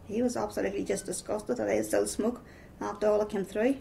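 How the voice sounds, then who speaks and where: Middle-aged Northern Irish woman, testimony storyteller, gravelly and dark-toned, faint hiss behind. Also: fairly high pitch, steady tone, fast talker, few pauses, low-quality recording. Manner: storytelling with repeated "I says". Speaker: speaker giving a personal testimony. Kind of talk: personal testimony.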